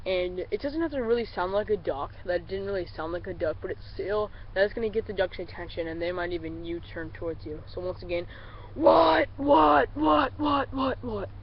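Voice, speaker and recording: A man's voice: high voice, brisk, few pauses. A man who is a little under the weather talks through a beginner's duck calling lesson in a loose, rambling way, often calling his viewers guys. The recording is a bit dull and lo-fi, with faint road noise in the background. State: a little sick. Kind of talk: casual tutorial.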